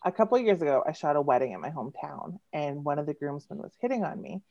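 A giggly, animated woman in her thirties, a poet guest chatting on a video call. Her voice sits a little low and sounds dull and lo-fi. The room is dry, with no echo. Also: quick pace. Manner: giggly, animated, laughs often. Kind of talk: casual storytelling chat.

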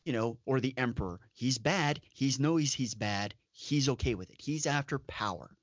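A man's voice: medium pitch, moderate pace, no echo. A man co-hosting a casual podcast chat, talking in an opinionated way with emphatic asides. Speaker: podcast co-host. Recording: dull, dry lo-fi audio.

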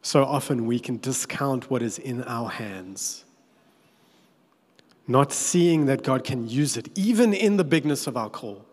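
A man preaching a sermon, telling the story with animated, playful asides. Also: medium pitch, unhurried. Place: church hall. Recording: echoey church hall.

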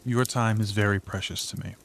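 Low-voiced man reading a fairy tale. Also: fairly even intonation, fairly quick, gravelly, a bit bright, slight background noise, poor audio. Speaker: storyteller host. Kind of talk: scripted storybook narration.

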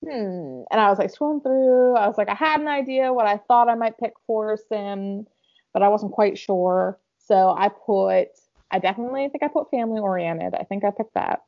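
A woman with a Southern American accent co-hosts a podcast, chatting casually and filling her speech with "like" and self-talk. Her mid-range voice moves at normal speed. The recording sounds muffled.

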